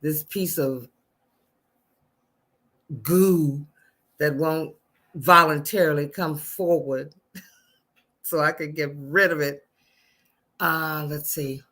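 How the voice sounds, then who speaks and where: A woman hosting her own channel, singing slow jazz ballads a cappella at home and chatting to viewers between songs. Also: low-pitched, steady tone, a bit bright. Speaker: channel host and singer. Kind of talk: a cappella singing with casual chat.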